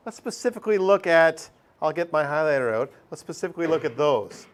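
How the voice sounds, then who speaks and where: A man's voice: fairly high pitch, animated, brisk. A middle-aged man teaching a math lesson over a screen recording, chatty, thinking aloud and putting questions to himself.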